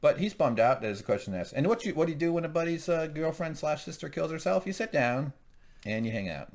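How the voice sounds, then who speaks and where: A man's voice: fairly high pitch, animated, quick pace. A man co-hosting a casual recap chat, joking, swearing freely and slipping into mock voices. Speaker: podcast co-host.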